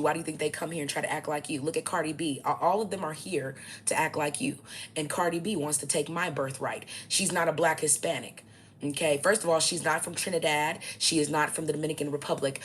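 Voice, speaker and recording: A woman's voice: low-pitched, steady tone, a little fast, a little hiss or hum. A woman, a self-styled spiritual teacher, delivering a blunt, profane, combative monologue to camera.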